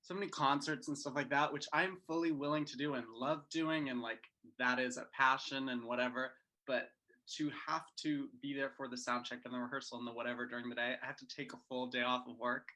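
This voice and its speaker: A man in his twenties from Massachusetts, chatting casually as a guest on a video-call interview, quick with jokes. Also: medium pitch, steady tone, bright, forceful tone. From Massachusetts, USA. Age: 20s. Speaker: singer and guest.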